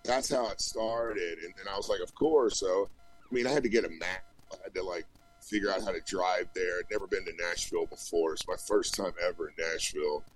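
A touring musician being interviewed over a remote call, telling a long story in a chatty, rambling way with many restarts. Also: male voice, deep voice, steady tone, fairly quick, soft background music, poor audio. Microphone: remote call connection.

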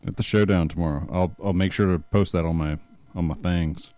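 A male interview host with a low, mellow voice keeps his remarks short and encouraging. The sound is dry and close, with faint music somewhere behind. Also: steady tone, brisk, no room sound. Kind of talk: casual interview.

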